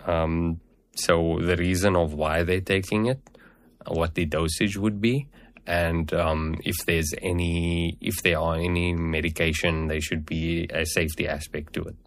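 A man with a very deep voice talks through his answers in a measured, explanatory way, pausing on fillers as he builds each point. He sounds like a practitioner being interviewed, steady rather than showy. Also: no echo. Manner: measured, explanatory, many "at the end of the day". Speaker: herbal medicine practitioner guest.

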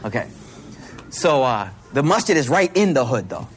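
A man from Buffalo giving a casual Islamic lesson, an animated storyteller mixing slang and Arabic terms. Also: mid-range voice, moderate pace, breathy edge. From Buffalo, New York, US. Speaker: Islamic teacher.

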